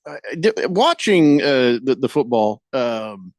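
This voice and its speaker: A man's voice: medium pitch, big pitch swings, measured pace, no echo, studio quality. A man hosting a sports radio show, joking and rambling with lots of fillers and restarts. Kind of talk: casual sports talk.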